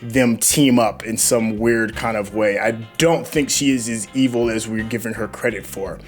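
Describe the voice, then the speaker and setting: A man hosting a casual TV episode review, talking in an animated, opinionated way and asking his co-host questions. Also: fairly low pitch, normal speed, faint music behind. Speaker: show host reacting to a TV episode.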